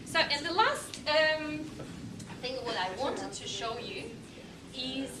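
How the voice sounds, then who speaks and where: A woman's voice: high voice, expressive, slow. A woman teacher giving a presentation, hesitant with many ums and slightly unidiomatic English. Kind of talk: lecture presentation. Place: room or hall with audience. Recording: echoey room from far off with noise.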